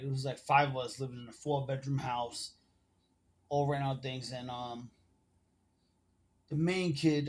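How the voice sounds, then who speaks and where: A man in his forties talks straight into his phone, spinning a long, meandering story. His speech is loose street slang, salted with swearing and filler. His voice sits at an ordinary middle pitch. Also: a little mellow. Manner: rambling, profane street slang. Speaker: vlogger. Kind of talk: casual storytelling to camera. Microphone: phone camera.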